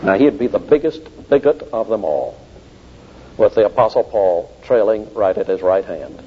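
A man's voice: on the low side, lively intonation, normal speed, a little hiss or hum. A man preaching a sermon, emphatic and insistent, driving his points home by repeating key phrases. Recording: dull old recording in a reverberant hall.

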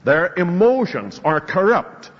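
A man's voice: high-pitched, sing-song, slow, slightly rough. A man preaching an expository sermon, reading scripture verses and explaining them with rising emphasis. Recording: muffled hall recording with long reverb.

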